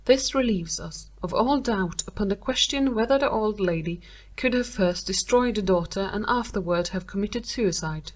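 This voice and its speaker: A woman's voice: mid-range voice, close to an everyday voice. Detached male sleuth, coolly lays out his logic, read by a woman in her own voice. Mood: reasoning. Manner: measured, reasoning. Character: cool analytical male detective, detached.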